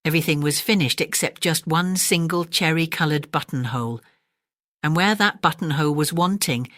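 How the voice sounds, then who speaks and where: Low-voiced gentle English storyteller woman. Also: moderate pace, dry recording, studio quality. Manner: gentle, expressive. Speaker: audiobook narrator.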